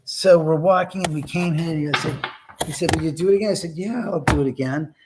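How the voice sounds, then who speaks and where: A man hosting a casual livestream from his house, telling a story in a rambling, profane, animated way. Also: on the high side, a little fast, very noisy. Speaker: livestream host. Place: his own house, indoors.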